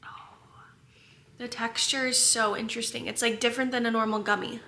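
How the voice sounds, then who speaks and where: A gushing American woman talking straight to her viewers from home in a casual vlog. Her voice is bright and sits a little high, full of excitable "like"s. A faint hiss of noise lies under it. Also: moderate pace. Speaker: vlogger.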